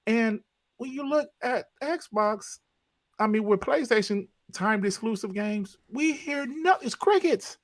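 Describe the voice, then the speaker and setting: A man's voice: very high-pitched, lively intonation, takes it slowly. A man on a casual gaming podcast, ranting animatedly and hammering his points with repeated one-word punchlines. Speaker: podcast panelist.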